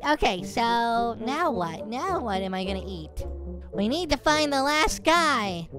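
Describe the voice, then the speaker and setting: A woman hosting a gaming channel, giving chatty, excitable gameplay commentary. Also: a little high, a little slow. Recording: game music playing underneath.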